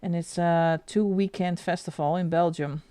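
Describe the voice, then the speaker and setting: A woman's voice: fairly low pitch, steady tone, normal speed, warm tone, clear, resonant tone. A woman whose first language is Dutch, speaking English with a Flemish accent, hosting a live stream and chatting casually while colouring, giggling often.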